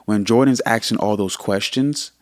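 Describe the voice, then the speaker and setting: A man in his thirties talks in a casual conversational chat. His voice sits fairly low, and he speaks earnestly, often repeating a phrase to drive it home. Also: moderate pace, a little mellow, no room sound, clean studio sound. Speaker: podcast co-host.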